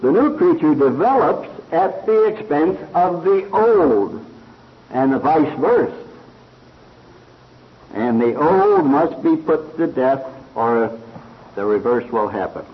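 A man preaching a sermon slowly and earnestly, retelling a fable with quoted voices. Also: on the high side, very animated. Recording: dull lo-fi recording.

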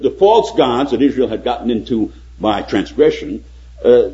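An older man preaching a sermon, telling a story dramatically and reading scripture aloud with loud emphasis. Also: on the low side, fast. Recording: dull lo-fi recording.

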